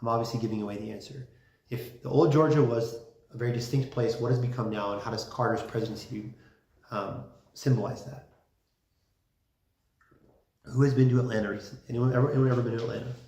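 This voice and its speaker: A man's voice: medium pitch, fairly even intonation, fast talker, pauses often, darkish tone. A man giving a casual classroom lecture, talking conversationally with many fillers and restarts. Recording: roomy classroom sound.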